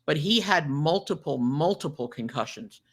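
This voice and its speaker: An older woman hosting a podcast, telling chatty, animated stories and laughing often. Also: deep voice, moderate pace, slightly rough. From New Jersey. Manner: animated, chatty storyteller who laughs a lot. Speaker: podcast host. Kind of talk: casual chat.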